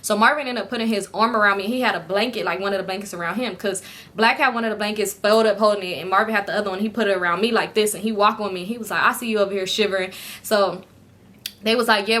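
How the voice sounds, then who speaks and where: A young woman casually telling a storytime vlog, profane and animated, acting out what others said. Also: medium pitch. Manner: animated, profane, acts out quotes. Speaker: storytime vlogger.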